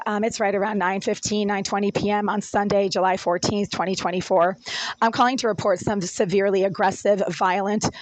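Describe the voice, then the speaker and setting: A woman in her apartment with a rough, smoker-like voice, ranting indignantly and repeating her accusations into a phone. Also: mid-range voice, no echo, poor audio. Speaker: tenant recording a complaint. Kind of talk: angry recorded rant and voicemail. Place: small apartment indoors.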